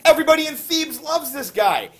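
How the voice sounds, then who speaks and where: A male teacher retelling an ancient myth to his class in a jokey, slangy, animated way, with many fillers. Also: very high-pitched, a little fast. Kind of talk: classroom storytelling lecture. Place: classroom with students.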